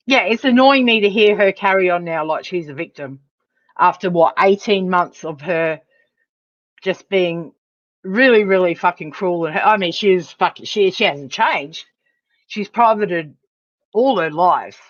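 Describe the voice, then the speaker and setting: A woman's voice: fairly low pitch, dry recording. Heated woman ranting on a lo-fi stream. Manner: heated, profane, emphatic. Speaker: livestream host. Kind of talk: angry livestream rant.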